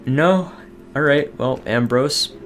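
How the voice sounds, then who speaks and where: Young guy chatting thru a strategy game, gets excited at events, faint music in the back. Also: mid-range voice, slow. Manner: chatty, excitable, reads in-game text aloud. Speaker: gaming video host. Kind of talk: casual gameplay commentary.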